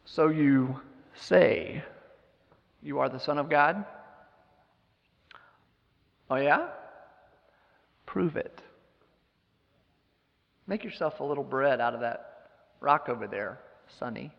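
A man's voice: mid-range voice, slow pace, vocal fry, long pauses, big-room sound, dull audio. A man preaching who voices a taunting male devil that goads and tempts in the desert. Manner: mocking, goading, wheedling.

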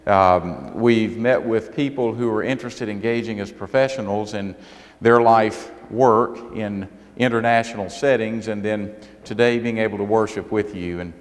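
A middle-aged man with a Southern drawl gives an earnest, folksy sermon as a guest speaker. His voice sits a little low and carries a long hall reverb around it, as in a large church sanctuary. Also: normal speed. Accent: Southern American. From South Carolina.

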